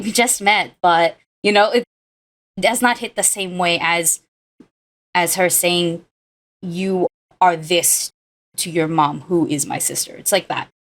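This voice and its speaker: Animated woman podcast co-host. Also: on the low side. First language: not a native Mandarin speaker. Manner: animated, laughs often, quotes film lines. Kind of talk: casual chat.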